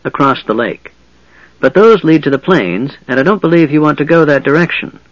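A man voicing a calm, wise half-elf leader who speaks in a measured, firm way. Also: on the high side, dry recording, dull audio, pitched above the performer's own voice.

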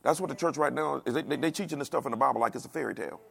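A man preaching a sermon in a dialect, animated, asking the congregation questions and acting out the voices of the people he quotes. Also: mid-range voice, very fast, creaky. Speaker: pastor.

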